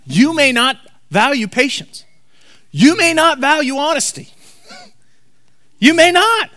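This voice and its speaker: A male pastor with a high, very animated voice delivers a sermon to a congregation. His tone is bright and ringing. He stresses key lines by repeating them slowly. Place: church hall before a congregation.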